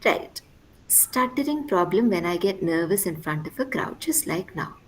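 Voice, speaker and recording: A woman's voice: fairly low pitch, lively intonation, normal speed, slight background noise, low-quality recording. A woman instructor leading an online workshop session over a video call, patiently repeating key points and checking in with "right?". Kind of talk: online class teaching.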